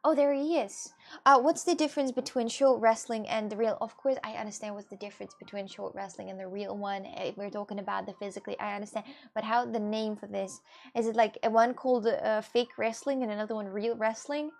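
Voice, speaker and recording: A woman's voice: mid-range voice, steady tone, brisk, vocal fry. A woman with a chatting casually to her viewers, rambling and restarting with many fillers. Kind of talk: casual chat.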